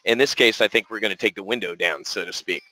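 A man hosting a live options trading webinar, talking in an energetic, folksy way and repeating words for emphasis. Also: fairly low pitch, fast talker, no echo, low-quality recording. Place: resort room.

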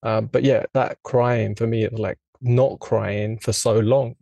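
Over a video call, a middle-aged podcast host conducts a casual interview, sounding earnest, reflective, and rambling. His low, steady, mellow voice moves a little slowly with vocal fry, and the recording is muffled but has no echo.

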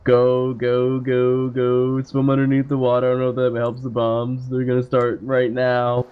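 A young man chatting casually while gaming, relaxed but quick to swear. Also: medium pitch, clear, resonant tone, phone-quality sound. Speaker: gamer.

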